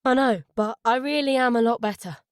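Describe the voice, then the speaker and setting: Audiobook role: a woman doing a guilt-ridden father, forced brightness over strain, kept near her own voice. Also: fairly high pitch, a little fast, dry recording, clean studio sound, natural voice. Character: guilt-ridden young father, forcing lightness.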